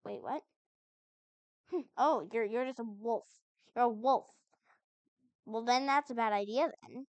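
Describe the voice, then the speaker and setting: High-voiced woman narrating her gameplay. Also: unhurried, long pauses, dry recording. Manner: chatty, puzzled, talks back to the game. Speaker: gamer. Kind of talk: let's-play commentary.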